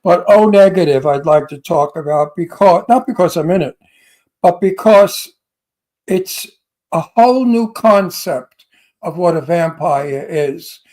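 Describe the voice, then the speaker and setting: A man with a thick Brooklyn accent co-hosts a chatty interview show. He talks in a boisterous, emphatic way, and his voice sits high for a man. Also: a little slow, darkish tone, rough recording. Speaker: co-host. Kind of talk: casual radio interview chat.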